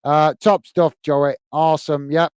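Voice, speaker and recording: A man's voice: fairly high pitch, little pitch movement, unhurried, a little mellow, smooth, dry recording. Tired man signing off a stream. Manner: friendly, repetitive sign-offs, many fillers. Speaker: football channel host. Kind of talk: live stream chat reading viewer comments.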